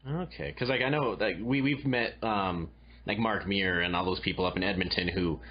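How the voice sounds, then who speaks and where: A man's voice: low voice, normal speed, dull audio. A man hosting a podcast interview, chatty and loose with fillers. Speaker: podcast host. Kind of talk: casual interview chat.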